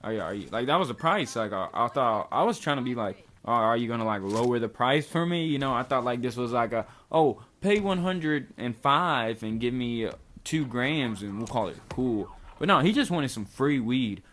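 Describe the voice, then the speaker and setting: A man's voice: medium pitch, animated, moderate pace, hardly any pauses, fairly bright tone, slight background noise. A young man from Kentucky casually telling a long rambling story, full of slang and filler words. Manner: rambling, loose slang, lots of likes and dudes. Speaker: vlogger.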